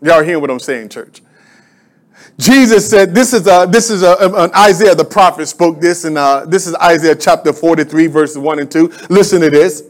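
High-voiced preaching pastor. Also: male voice, moderate pace. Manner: call-and-response preaching, rising to emphatic declarations. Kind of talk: sermon.

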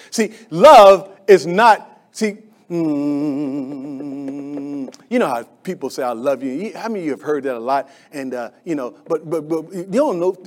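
A male pastor preaching a sermon, swinging between loud emphatic calls and low asides, and calling on the congregation to answer him.

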